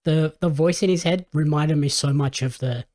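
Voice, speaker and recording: A man's voice: a little high, moderate pace, darkish tone. Easygoing man hosting a film chat. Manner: easygoing, quotes his own reactions. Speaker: podcast host. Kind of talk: casual chat.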